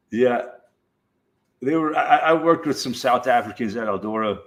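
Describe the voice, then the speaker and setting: In an expressive, medium-pitched voice, a middle-aged man from the United States leads a rambling, casual livestream. He laughs often between thoughts, swears freely, and lets his talk drag out slowly.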